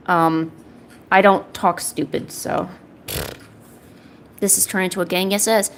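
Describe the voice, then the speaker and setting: A woman's voice: mid-range voice, normal speed, soft background music. A young woman streaming while she draws, chatting casually in a rambling, self-deprecating, jokey way. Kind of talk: casual chat while drawing.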